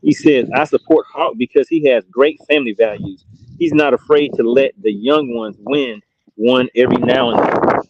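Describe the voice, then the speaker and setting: A man hosting a fishing channel who gives upbeat shout-outs and laughs often. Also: mid-range voice, moderate pace, highs cut off, slight background noise. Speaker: host.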